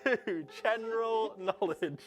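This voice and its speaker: A man hosting a livestream quiz, chatty and relaxed, reading out answers between ums and little asides. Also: high-pitched, slow pace. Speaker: fundraiser stream host.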